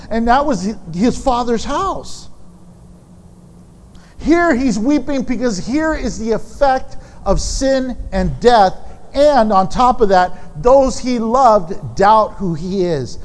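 A man with a high-pitched voice preaches a sermon, talking frankly and conversationally, dropping candid asides to his congregation. His voice carries a long reverb, as if it fills a large hall. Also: expressive, takes it slowly, darkish tone, a little hiss or hum. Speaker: pastor.

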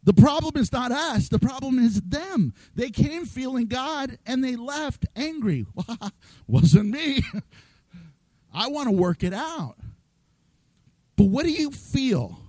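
A man's voice: very high-pitched, big pitch swings, takes it slowly, darkish tone, no room sound, low-quality recording. A man preaching a sermon in a playful way, acting out voices and laughing often. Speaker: pastor.

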